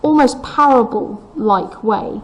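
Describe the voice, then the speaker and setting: A woman's voice: a little high, slow pace, low-quality recording. A woman teaching a recorded English lesson, explaining a poem step by step and reading its lines aloud with the stresses brought out.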